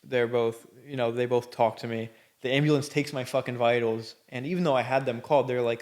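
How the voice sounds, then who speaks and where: A man's voice: medium pitch, little pitch movement, fast talker, few pauses, darkish tone. A man hosting a podcast, telling his own story in a candid, blunt, rambling way with plenty of swearing. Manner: loose, rambling delivery full of fillers. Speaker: podcast host. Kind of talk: personal storytelling.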